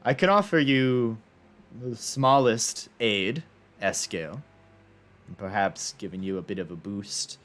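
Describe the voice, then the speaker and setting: A man's voice: lowish voice, a bit bright. A man voicing a haughty collector. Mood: bargaining. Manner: measured, probing and bargaining. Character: haughty pale male collector of rare parts.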